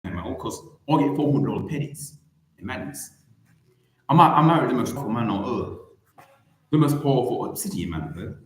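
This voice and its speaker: A man's voice: medium pitch, lively intonation, a little fast, long pauses, pitched below the performer's own voice, close to an everyday voice. A man doing a sarcastic impression of a defensive woman. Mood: mocking. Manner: sarcastic, mocking. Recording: echoey room.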